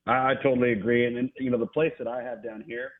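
A man's voice: mid-range voice, flat delivery, fast. A man calling in as a college football analyst, telling stories casually and repeating himself for emphasis. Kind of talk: casual radio chat. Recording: phone-line guest call.

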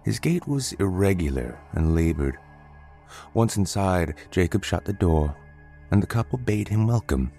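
A man reading a story aloud as narrator, in a measured, descriptive way. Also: low voice, big pitch swings, warm tone. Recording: faint background music.

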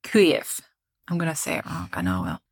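A woman's voice: rumbling low, sing-song, fairly quick, vocal fry, husky. A woman co-hosting a podcast, chatting casually and telling a history story, laughing often and joking about her pronunciation. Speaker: podcast co-host.

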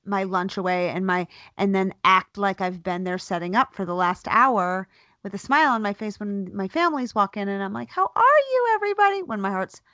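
Animated woman telling a parenting story. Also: medium pitch, moderate pace, no room sound. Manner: animated storyteller, swears freely, acts out quotes. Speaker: podcast co-host; teacher and mother of a toddler. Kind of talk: casual chat, storytelling.

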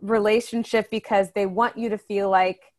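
A woman co-hosts a casual podcast in a chatty, easygoing way, laughing easily and slipping into the voices of people she quotes. Her pitch sits in an ordinary middle range. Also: fairly even intonation, normal speed, darkish tone. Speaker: podcast co-host. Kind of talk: casual chat.

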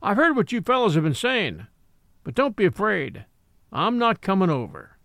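A man voicing a timid, thoughtful elephant that hauls big guns, speaking gently as if explaining. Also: sits high, huge pitch swings, normal speed, vocal fry, dry recording, clean studio sound, voice pushed up, full character voice. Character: old gurgly elephant, gun-team beast, timid and thoughtful.

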